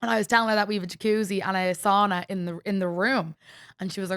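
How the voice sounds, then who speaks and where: A woman's voice: medium pitch, fairly even intonation, very fast, a bit bright, no room sound. A young Irish woman hosting a podcast, rattling through stories in a loose, chatty way full of fillers and the odd swear. Her voice sits in a middle range and is recorded close and dry, with no room around it. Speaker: podcast host. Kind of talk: casual chat.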